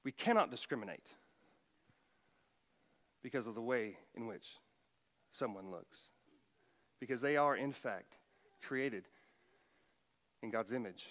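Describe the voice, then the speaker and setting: A middle-aged man preaching a sermon as pastor, emphatic, his voice rising loud for quoted commands. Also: mid-range voice, slow, pauses often, in a large hall.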